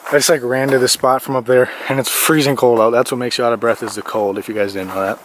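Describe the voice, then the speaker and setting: A young man records a casual vlog on a handheld phone while hiking a snowy trail, his voice at an ordinary middle pitch. He rambles with filler words and sounds a bit winded from the cold. Clear wind and handling noise sit over the phone recording. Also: fairly even intonation, quick pace. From Minnesota. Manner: rambling, filler-heavy talk with many 'like's. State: out of breath in the cold. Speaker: vlogger. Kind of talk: casual vlog walking outdoors. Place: outdoors in deep snow by a river.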